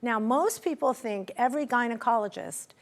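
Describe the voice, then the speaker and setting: A middle-aged woman talks as an interview guest, her voice sitting a little high. She tells her own story with lots of energy, and her pitch leaps when she acts out quoted lines. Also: moderate pace. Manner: expressive, acts out quoted dialogue with pitch jumps. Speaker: interview guest, menopause advocate. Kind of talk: animated conversational interview.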